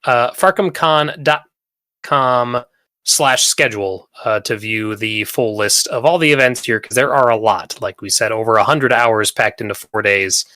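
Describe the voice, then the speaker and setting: A man co-hosting a podcast, reading out event plans with upbeat energy. His voice is bright and sharp-edged. The sound is dry and close, with no room around it. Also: mid-range voice, unhurried, dry recording. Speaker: podcast co-host. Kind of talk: casual chat.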